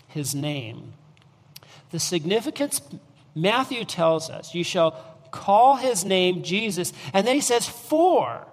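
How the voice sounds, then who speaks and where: Slow, deliberate preacher in a reverberant hall. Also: male voice, high voice. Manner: deliberate preaching with repeated restarts and rising emphasis. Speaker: pastor. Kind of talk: sermon.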